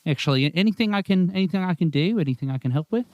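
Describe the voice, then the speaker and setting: A sad little turtle adventurer, timid and apologetic, talking fast and a touch higher than plain speech. A man plays him with a close, dry sound, in a tabletop game. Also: lively intonation, no room sound, dull audio. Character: sad weepy male turtle adventurer Bellows.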